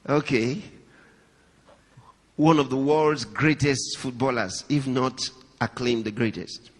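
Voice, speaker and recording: A male pastor delivers a sermon to a live congregation, shifting from loud, high-pitched emphasis to quiet, low storytelling and tossing questions and asides to listeners. His intonation stays fairly even and he takes it slowly, with long hall reverb around him.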